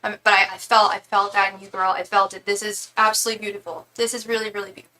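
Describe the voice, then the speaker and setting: A woman's voice: mid-range voice, little pitch movement, racing, sharp tone, poor audio. A woman giving a live tarot reading, emotional and close to tears, often repeating and restarting her words. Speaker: tarot reader.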